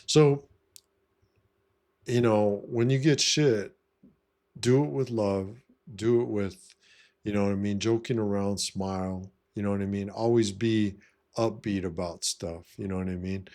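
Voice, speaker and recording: A man's voice: lowish voice, steady tone, unhurried, a little mellow. A man talking casually to camera, blunt and profane, who keeps saying "you know what I mean". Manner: blunt, swaggering. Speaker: vlogger giving life advice. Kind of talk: casual monologue.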